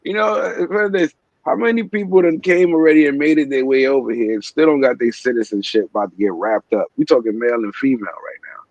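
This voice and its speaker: A man's voice: mid-range voice, fast, darkish tone, dry recording, muffled recording. A man hosting a morning livestream show, talking loosely in slang and often repeating himself. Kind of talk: casual livestream chat.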